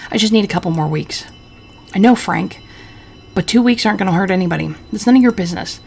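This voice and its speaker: A woman voicing a crude, drunken, scheming husband from the 1940s, talking gruffly and cursing. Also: mid-range voice, fast talker, a little mellow, soft background music. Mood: grumbling. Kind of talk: reading game dialogue aloud.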